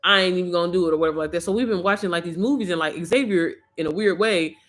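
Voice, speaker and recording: A woman's voice: lowish voice, rapid-fire, fairly bright tone. A woman chatting on a livestream from her phone, rambling, emotional and swearing freely. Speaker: live streamer. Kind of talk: casual livestream chat.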